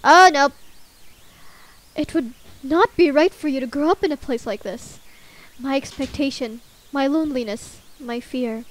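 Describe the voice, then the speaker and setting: A woman voicing a gentle, motherly goat woman from a game, reading her lines softly and slowly. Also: high voice. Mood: soft sorrowful.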